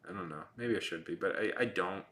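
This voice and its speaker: Speaking fast in a low, somewhat bright voice, this man draws on a livestream and makes casual talk with his viewers. The chat rambles, leans on filler words and carries a dry sarcasm.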